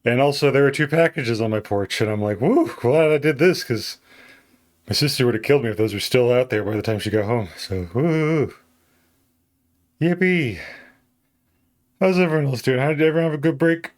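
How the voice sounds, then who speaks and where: A man's voice: medium pitch, fast talker. A man livestreaming from home, chatting casually and playfully with his viewers and greeting them as they come in.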